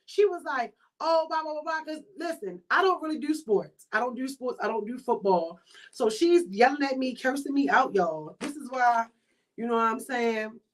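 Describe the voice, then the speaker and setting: A woman with a Baltimore accent hosting a podcast in casual chat, telling stories in a chatty, animated way with quoted asides. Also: high voice, moderate pace. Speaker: podcast host.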